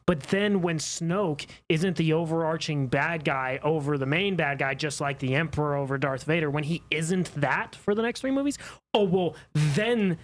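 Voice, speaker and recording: A man's voice: fairly high pitch, moderate pace. A man co-hosting a casual podcast, talking with passion and pushing back on opposing views. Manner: passionate, argumentative. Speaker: podcast co-host. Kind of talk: casual chat.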